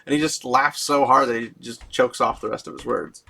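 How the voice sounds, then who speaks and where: Gravelly man casually retelling a story. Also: mid-range voice, steady tone, normal speed, bright, forceful tone. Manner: gravelly, chatty, laughs often. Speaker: host retelling a fantasy novel.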